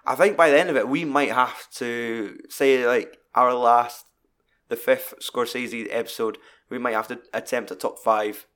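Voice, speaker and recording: A Scottish man hosting a podcast, chatting casually about a film with lots of swearing and animated retelling. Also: medium pitch, unhurried. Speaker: podcast host. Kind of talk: casual film review chat.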